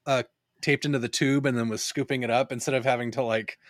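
A man hosting a podcast in casual chat, expressive and quick to laugh and swear. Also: medium pitch, no echo, studio quality. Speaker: podcast host.

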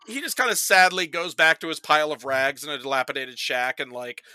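Man, podcast guest, rambling movie recap, profane, very bright voice, close dry mic. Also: on the high side, brisk, clear, resonant tone, dry recording. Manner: rambling and profane, full of "like" and acted-out quotes. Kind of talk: casual chat, animated movie recap.

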